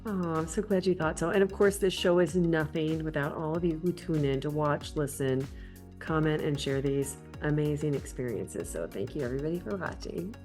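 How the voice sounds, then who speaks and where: A woman hosts an interview, speaking in an earnest, affirming tone. Her voice is low for a woman. Faint music plays beneath her. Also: moderate pace, a little mellow. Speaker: podcast host. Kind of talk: interview and show outro.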